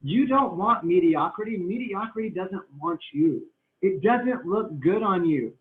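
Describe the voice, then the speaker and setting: A man speaking in a fairly high voice gives an emphatic motivational talk to a group, hammering home the same phrases and stretching words for weight. He sounds tinny and distant from the mic, as if coming through a call in an echoing room. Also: expressive. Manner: emphatic, repetitive, drawn-out for emphasis.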